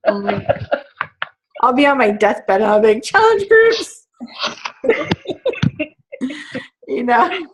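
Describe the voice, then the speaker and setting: A woman's voice: a little high, lively intonation, measured pace, pauses often, husky. A woman in her thirties, a fitness team coach, chatting casually on a team call with many fillers and laughs.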